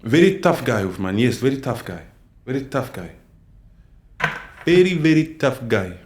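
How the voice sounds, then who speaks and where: Heated, forceful man on a livestream. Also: mid-range voice, big pitch swings, moderate pace, background noise. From DR Congo. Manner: forceful, repetitive, addresses chat viewers directly. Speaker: livestream host.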